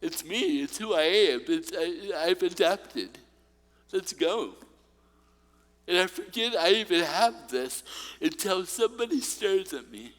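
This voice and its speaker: A man with a notably high voice preaches slowly and deliberately, mixing light humor with earnest encouragement. His words ring out with a long echo through a large church hall. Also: expressive, fairly bright tone. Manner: humorous, personal storytelling. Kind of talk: sermon.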